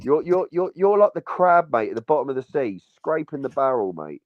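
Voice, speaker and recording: A man's voice: medium pitch, sing-song, fairly quick, dry recording. A man with an English accent trading sarcastic, sweary insults on an online panel. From England. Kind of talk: heated argument on a stream panel. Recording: dull lo-fi mic.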